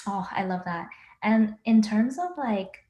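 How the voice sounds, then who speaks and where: A woman's voice: medium pitch, expressive, measured pace, mellow, echoey room. A woman hosting a podcast interview, chatting casually and gushing with enthusiasm. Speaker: podcast host.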